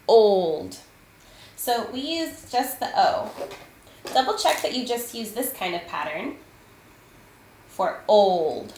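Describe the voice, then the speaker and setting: A woman teaching a spelling lesson to children, patient and deliberate, sounding out letters and counting aloud. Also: medium pitch, expressive, a little mellow. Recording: echoey room, faint ambient noise.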